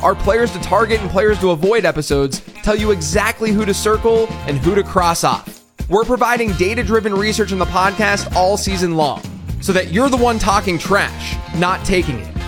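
Punchy high-voiced male ad read. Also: normal speed. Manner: upbeat, punchy. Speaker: podcast host reading an ad. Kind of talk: scripted ad read. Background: music.

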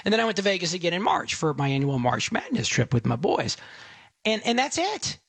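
High-voiced gravelly radio host. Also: male voice, sing-song, a little fast, fairly bright tone, no room sound. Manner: chatty, rambling with restarts. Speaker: radio talk show host. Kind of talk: casual talk radio chat. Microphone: studio microphone.

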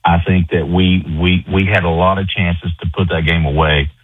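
A low-voiced man with a husky, breathy tone calls into a radio show. He talks casually, stumbling and repeating words. The sound is thin and tinny, like a phone line. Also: steady tone, moderate pace, no room sound, faint music behind. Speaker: radio caller. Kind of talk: casual call-in chat.

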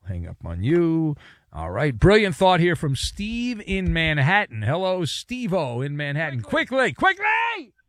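Teasing sports radio host, lively voice. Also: male voice, on the high side, unhurried, dry recording. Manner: jokey, teasing banter with callers. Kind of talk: call-in radio show. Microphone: studio microphone.

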